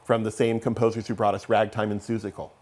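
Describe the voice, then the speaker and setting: A man's voice: on the low side, flat delivery, quick pace, a little mellow. A man, a theatre's artistic director, guesting in a TV studio interview, good-humored and upbeat as he runs through a season.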